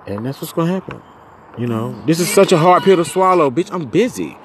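A man hosting a podcast, ranting angrily and profanely, swinging from low muttering to loud outbursts. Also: expressive, brisk, slight background noise. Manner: profane, venting, swings between muttering and shouting. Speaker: podcast host. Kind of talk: angry solo podcast rant.

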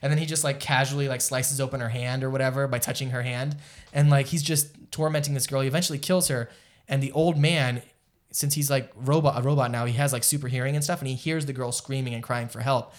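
A man co-hosting a casual anime podcast, retelling plot at length. He rambles with frequent "like" and "um" and drifts into asides. His pitch sits mid-range. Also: fairly even intonation, quick pace. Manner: rambling, lots of fillers and asides, distracted by live chat. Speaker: podcast co-host. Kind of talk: casual chat reviewing anime.

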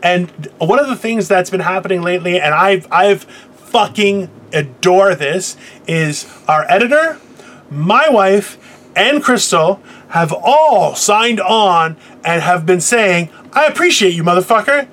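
A middle-aged man hosting a casual chat, telling stories in an animated, profane way. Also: sits high, slow. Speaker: podcast host.

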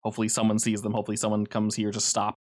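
A man's voice: lowish voice, completely flat delivery, very fast. A man running a tabletop game as game master, telling the scenes in a casual, vivid way with many fillers.

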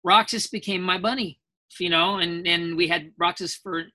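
A man's voice: sits high, fairly even intonation, moderate pace, bright, forceful tone. A man, a voice actor guest in a casual interview, telling rambling anecdotes and acting out quoted voices along the way.

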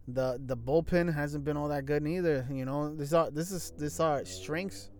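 A man's voice: a little high, normal speed, darkish tone, slight background noise. A young man in a casual sports talk show, blunt and profane, rambling with restarts and slang. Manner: frequent restarts and fillers, loose slangy grammar.

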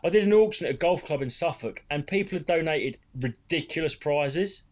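Fast, lively man telling stories. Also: on the high side. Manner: animated, sweary storytelling, slipping into others' voices. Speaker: comedian and podcast co-host. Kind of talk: casual chat, anecdote telling.

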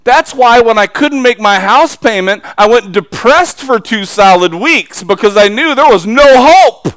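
A man's voice: very high voice, animated, unhurried, a bit bright, clean tone, dry recording. A man preaching a sermon, emphatic and pressing the congregation with rhetorical questions.

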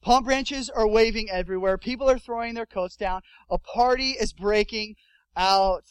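A young adult man preaching a sermon as pastor, telling a story with lively acted-out quotes. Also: high voice, moderate pace, clean tone, no echo, low-quality recording.

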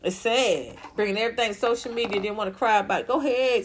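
A woman's voice: on the high side, quick pace, hardly any pauses, a little hiss or hum. A woman ranting bluntly and sarcastically as she comments on celebrity gossip.

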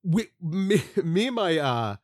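A middle-aged man from the Philadelphia area rambles through a story on a podcast, restarting sentences and swearing freely. His voice sits high and swings widely in pitch, lively and animated. The sound is close and dry, with no room echo. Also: slow pace. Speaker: podcast co-host. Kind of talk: casual chat.

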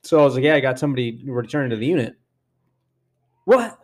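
Profane, animated storytelling man. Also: medium pitch, fast. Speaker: podcast co-host. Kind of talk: casual storytelling among friends.

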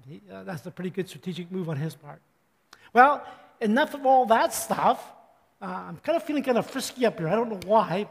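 Older man preaching with a slightly hoarse voice. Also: high voice, long reverb tail. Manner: joking, chatty, clears throat often. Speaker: pastor. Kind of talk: sermon.

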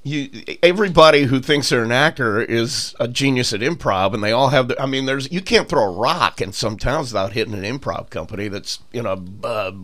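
A man's voice: medium pitch, fairly bright tone. A male comedian in casual chat, voicing jaded, cranky opinions.

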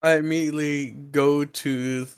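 Playful male player, smooth and resonant. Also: a little high, level tone, measured pace. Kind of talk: casual tabletop game chat.

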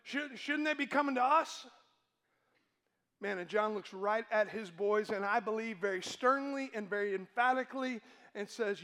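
A man's voice: sits high, normal speed, sharp tone. A male pastor preaching a sermon to his congregation, emphatic and asking them questions.

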